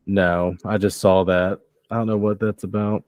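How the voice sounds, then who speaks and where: A man's voice: low voice, flat delivery, normal speed, darkish tone, no echo. A man running a tabletop role-playing game as game master, casual and joking, laughing often and swearing now and then.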